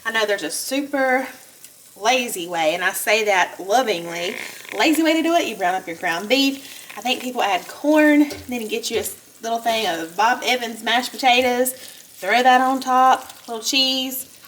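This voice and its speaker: A Southern home cook hosts a casual cooking tutorial from her own kitchen, chatting in a folksy way and calling her viewers "y'all." Her voice is a little high and fairly bright, at a normal speed, with a slight hiss or hum in the recording.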